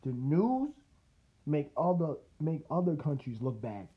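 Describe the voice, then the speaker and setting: A man's voice: fairly high pitch, very animated, a little slow. A man hosting a casual solo podcast, talking loosely and profanely, rambling with laughs and restarts. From United States. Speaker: podcast host. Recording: tinny phone-like line.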